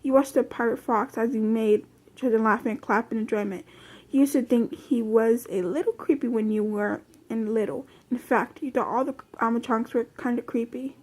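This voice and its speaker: A woman's voice: on the high side, fairly even intonation, moderate pace, darkish tone. A woman reading a fan story aloud from a phone, in a plain, unpolished way with restarts. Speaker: reader.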